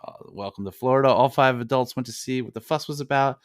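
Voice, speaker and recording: A man's voice: medium pitch, steady tone, quick pace, no room sound, clean studio sound. A man co-hosting a podcast, reading listener mail aloud in a rambling, joking way with lots of fillers. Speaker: podcast co-host.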